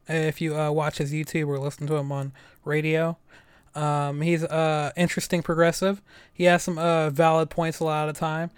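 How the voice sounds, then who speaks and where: A man's voice: a little high, clear, resonant tone, dry recording. A young man hosting a casual solo podcast, loose and chatty with lots of fillers and swearing. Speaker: podcast host.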